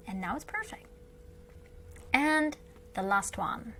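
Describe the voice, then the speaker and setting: Bright-voiced Russian-accented woman teaching slowly. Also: sits high, very animated. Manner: patient, repeats each word slowly several times. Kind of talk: slow beginner language lesson.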